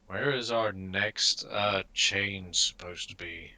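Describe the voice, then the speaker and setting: A man's voice: low-pitched, steady tone, slow pace, creaky, bright, forceful tone. A man playing in a tabletop game, asking questions and feeling his way through in casual chat. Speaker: player.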